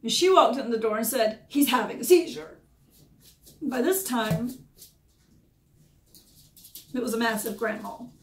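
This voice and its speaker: A woman's voice: on the high side, measured pace, long pauses, a little hiss or hum. A woman, a dog groomer candidly recounting past events in short, emotional bursts. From Georgia, USA. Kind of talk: personal storytelling. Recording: echoey room.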